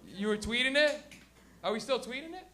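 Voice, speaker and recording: Male stand-up host, crude and rambling, acts out bits; high, bright voice. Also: expressive, brisk. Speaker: stand-up comedian and show host. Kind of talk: live stand-up comedy. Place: comedy venue before a live audience.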